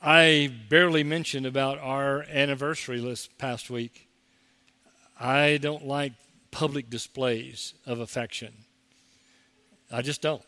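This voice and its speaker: A man's voice: medium pitch, fairly even intonation, a little slow, pauses often, pushed and bright, big-room sound. A man preaching a sermon as pastor, talking conversationally and mocking the people he quotes.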